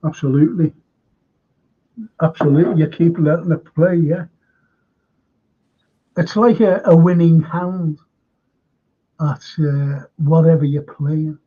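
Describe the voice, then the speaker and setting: Husky guy rambling through a fan show, slightly high voice, sounds like it's over a phone line. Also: measured pace, long pauses. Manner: rambling, chatty, reads viewer comments aloud. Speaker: host. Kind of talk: casual fan chat.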